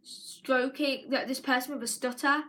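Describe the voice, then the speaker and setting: A woman talks loosely to her viewers in a live vlog. Her voice sits high and sounds bright and forward. She rambles, circles back, and restarts her sentences often. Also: steady tone, normal speed. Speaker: live vlogger. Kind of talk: casual live-stream monologue.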